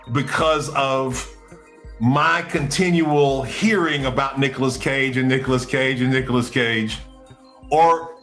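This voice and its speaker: A male podcast host telling a story casually, in an animated way, acting out what people said. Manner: animated, acts out quotes with big pitch jumps.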